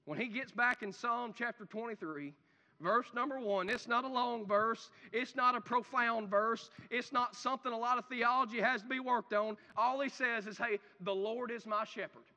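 A male pastor preaching a sermon, swinging from loud declarations to hushed, drawn-out phrases. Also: very high voice. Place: church. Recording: long reverb of a church hall.

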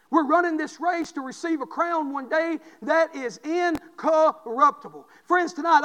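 A man, preaching a fervent sermon and building to shouted peaks with repeated refrains. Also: very high-pitched, big-room sound. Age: 40s.

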